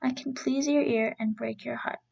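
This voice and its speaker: A woman doing a gruff old mother toad. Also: fairly high pitch, steady tone, moderate pace, darkish tone, lo-fi sound. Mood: pleading. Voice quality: gruff, coarse. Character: big ugly old mother toad, possessive.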